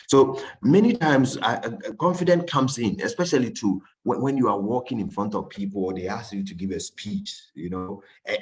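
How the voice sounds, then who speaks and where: A man with a West African English accent, answering questions in a session and telling anecdotes in an animated, playful way. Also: fairly low pitch. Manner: animated, acts out little scenes. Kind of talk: informal talk with anecdotes.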